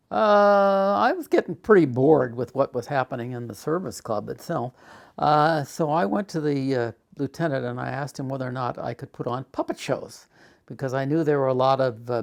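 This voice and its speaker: An older man casually telling a memoir story, unhurried with frequent "uh" fillers. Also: on the high side, animated, vocal fry. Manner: unhurried storytelling, many "uh" fillers, acts out quoted dialogue. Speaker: storyteller recounting his life.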